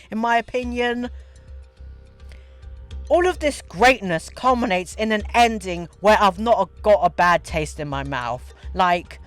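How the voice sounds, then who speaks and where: Rambling man, lively pitch. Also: no echo. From Australia. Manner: rambling, sarcastic, repeats words. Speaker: video essayist. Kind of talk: casual opinion commentary.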